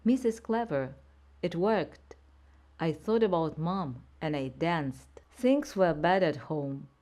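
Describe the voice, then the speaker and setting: Slow, low-voiced woman narrator. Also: animated, a little mellow. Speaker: audiobook narrator. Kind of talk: slow scripted narration for learners.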